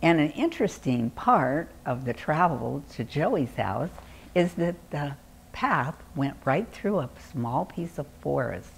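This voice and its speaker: An older woman telling a children's story in an expressive, animated way. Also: rumbling low, slight background noise.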